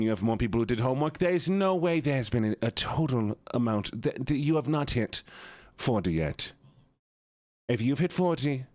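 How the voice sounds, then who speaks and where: Male streamer, playful and chatty, very lively pitch, dry close mic. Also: no room sound. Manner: playful, animated, chatty with viewers. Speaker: live streamer. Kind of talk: casual live-stream chat.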